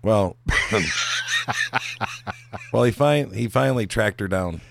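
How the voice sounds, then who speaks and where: A man's voice: on the low side, slow pace, creaky, very noisy. A man co-hosting a podcast in casual chat, playfully telling corny jokes and laughing at his own puns. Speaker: podcast co-host.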